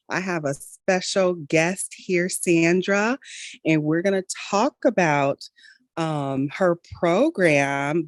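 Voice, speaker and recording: Low-pitched woman host, encouraging casual podcast chat, dry close mic. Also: no echo.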